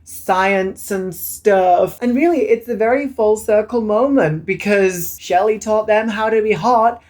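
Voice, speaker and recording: A man's voice: sits high, measured pace, darkish tone. A young man with a British accent, recapping a film in a sassy, camp, swearing manner. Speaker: film reviewer. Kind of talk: casual movie recap.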